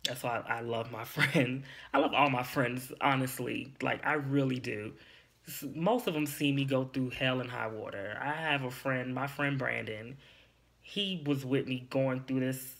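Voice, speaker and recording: A man's voice: medium pitch, fairly even intonation, measured pace, creaky, a bit bright. A young man speaks in a candid, confiding way, like a podcast host telling his own story. His telling is emotional and a little teary, with plain, casual phrasing.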